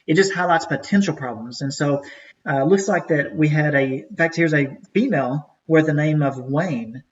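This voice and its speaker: A man's voice: a little high, normal speed. A man teaching race timing in a casual training webinar, talking conversationally with many fillers and restarts. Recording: distant, dull lo-fi webinar audio.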